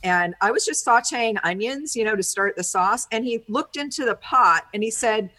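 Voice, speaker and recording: A woman's voice: on the high side, animated, moderate pace, hardly any pauses, pushed and bright. A woman speaking as an interview guest, explaining thoughtfully in a chatty way, with many fillers and an easy laugh. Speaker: interview guest, personality-type teacher. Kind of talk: conversational interview.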